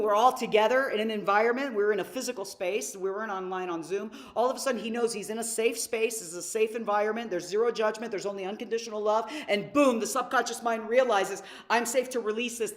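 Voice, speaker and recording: Woman workshop leader, lively teaching delivery, slightly high voice, quizzes the audience. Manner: energetic, asks the audience questions. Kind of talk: live online teaching talk.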